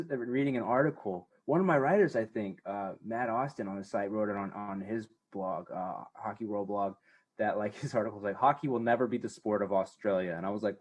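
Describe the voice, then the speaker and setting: Rozgadany młody mężczyzna, współprowadzący podcast. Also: male voice, on the low side, breathy edge, lo-fi sound. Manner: animated storyteller, slips into mock voices. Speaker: podcast co-host. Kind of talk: casual chat.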